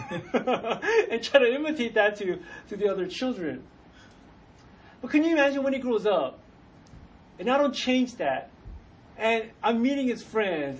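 A man's voice: sits high, distant mic, rough recording. A middle-aged man preaching a sermon in church, chatty and conversational, acting out the voices of parents and children as he goes. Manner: conversational, acts out quoted voices. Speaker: pastor. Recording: faint noise, voice from off the mic.

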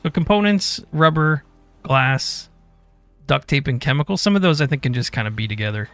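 A man hosting a game live stream, greeting chat by name in a relaxed, easygoing way. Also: mid-range voice, moderate pace, dry recording, soft background music. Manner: reads chat names in a relaxed drawl.

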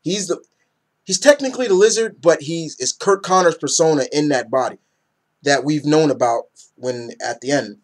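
A young man in a casual, rambling comic book review who gets excited and acts out characters' lines. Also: fairly high pitch, moderate pace.

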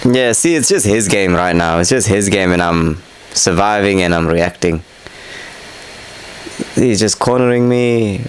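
A man's voice: deep voice, measured pace, pauses often, clean tone, low-quality recording. A young man casually narrating over footage of his own boxing fight, candid and self-critical, swearing freely. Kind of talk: casual fight breakdown commentary.

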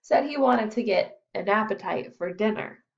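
A woman's voice: mid-range voice, expressive, normal speed, vocal fry, highs cut off. A woman voicing a friendly, chatty teenage boy who works as an assistant trainer.

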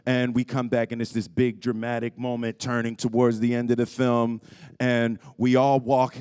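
Smooth-voiced man at a press conference. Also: mid-range voice, normal speed. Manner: animated storyteller, laughing often. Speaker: actor on a press panel. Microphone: handheld microphone passed around.

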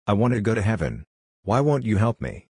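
A man voicing a male shadow spirit with a soft, musical, slow and quietly amused way of speaking. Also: on the low side, sing-song, slightly rough, no echo, heavily acted.

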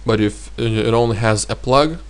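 A man teaching a vocabulary lesson, explaining with many pauses and saying each word twice. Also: fairly low pitch, clear, resonant tone. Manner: explains slowly, repeats words twice, many hesitations. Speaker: language teacher.

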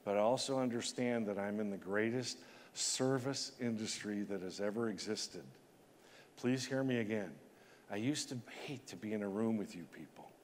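A man in his sixties giving a motivational keynote speech to a conference, talking with emotion and pushing his voice high at the peaks. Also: a little hiss or hum. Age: 60s. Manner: emotional, emphatic, rising to high pitch at peaks. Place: large conference hall. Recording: long hall reverb.

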